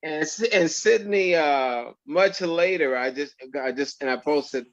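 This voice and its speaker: A man telling stories in an interview, animated and acting out the dialogue he quotes. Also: fairly high pitch, unhurried, muffled recording. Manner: animated storyteller who acts out quoted dialogue. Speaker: actor guest. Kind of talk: storytelling in an interview.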